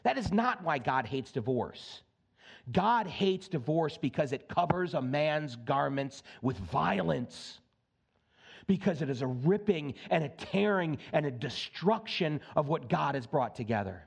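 Heard through a church sound system, a male pastor delivers a sermon in a creaky, husky voice that sits a bit high and ranges freely. He is animated, switching quickly between earnest teaching and playful asides.

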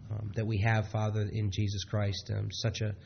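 A man preaching a sermon in a halting way, with frequent restarts and fillers, on a dull lo-fi recording. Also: lowish voice, monotone, vocal fry, a little hiss or hum. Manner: halting, many restarts, acts out quotes.

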